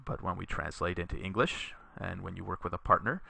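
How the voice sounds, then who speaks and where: A man teaching a Latin lesson in a recorded tutorial, reading sentences slowly for learners to repeat and explaining patiently with a few fillers. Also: sits low, creaky, pushed and bright, breathy edge, dry recording. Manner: slow, deliberate reading aloud for learners to repeat.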